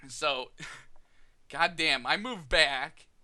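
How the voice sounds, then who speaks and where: A man's voice: a little high, lively intonation, very slow, bright, forceful tone. A young man casually telling a personal story on his vlog, candid and chatty, often laughing and acting out both sides of remembered conversations. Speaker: vlogger.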